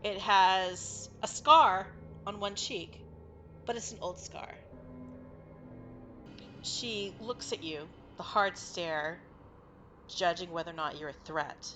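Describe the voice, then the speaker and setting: A woman's voice: lowish voice, takes it slowly, pauses often, bright, forceful tone, faint music behind. A woman narrating as game master of a tabletop game in a casual, descriptive way, with many fillers.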